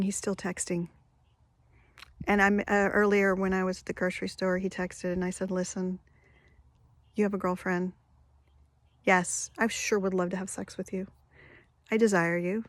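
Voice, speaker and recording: A woman in her fifties talks straight to the camera, candid and rambling, her sentences breaking off and restarting as she tells her story. Her voice sits mid-pitch for a woman. The sound is dry and close, with no room echo. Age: 50s. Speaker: vlogger. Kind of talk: confessional storytelling.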